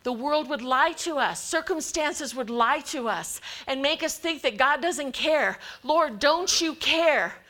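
Woman preacher, high bright voice, emphatic delivery that acts out quoted voices. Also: lively intonation, measured pace, few pauses. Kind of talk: sermon.

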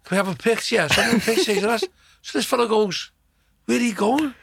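A man, telling lively anecdotes in casual chat, acting out quotes and swearing freely. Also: high-pitched, fast talker, gravelly, husky, dry recording, studio quality. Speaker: guest.

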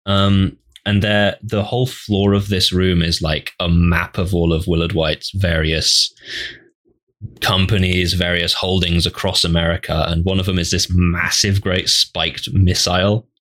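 A man co-hosting a podcast, trading deadpan jokes in casual chat. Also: deep voice, a little slow. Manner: joking, deadpan one-liners. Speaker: podcast co-host.

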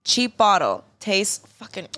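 Woman, twenties, casual chat, crude, laughing, mid-pitched, dry close sound. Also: sing-song, slow, pushed and bright, no echo. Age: 20s. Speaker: podcast co-host.

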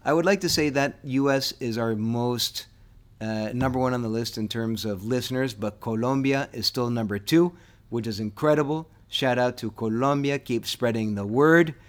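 A man's voice: medium pitch, normal speed. A man co-hosting a history podcast in casual chat, enthusiastic and eager as he wraps up the episode. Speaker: podcast co-host.

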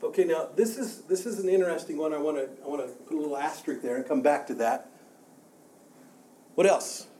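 A man leads a church Bible class with a mellow, warm tone that sits a touch higher than most men's. He talks conversationally, often doubling words and restarting sentences as he works through his points. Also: a little fast, a little hiss or hum. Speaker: Bible study teacher.

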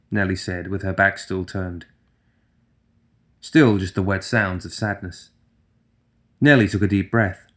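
A man reads a fantasy story aloud as an audiobook narrator, with a voice that sits fairly low. His delivery is even and steady, moving the story along without fuss. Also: a little slow, long pauses.

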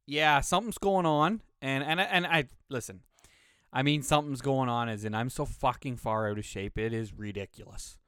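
A man's voice: medium pitch, moderate pace, a bit bright, smooth, no room sound, studio quality. A young man hosting a solo podcast, talking in a casual, profane, rambling and self-mocking way, slightly out of breath. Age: young adult. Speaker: podcast host. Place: home studio room.

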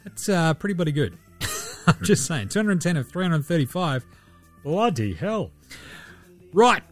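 A man's voice: fairly high pitch, lively intonation, moderate pace, faint music behind. A man hosting a sports podcast, running through betting picks in casual, profane, slang-heavy banter.

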